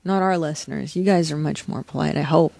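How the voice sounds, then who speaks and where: A woman's voice: low-pitched, brisk, vocal fry, dark tone, no echo. Blunt, profane woman in casual podcast chat. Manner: blunt, profane, laughing banter. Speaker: podcast co-host.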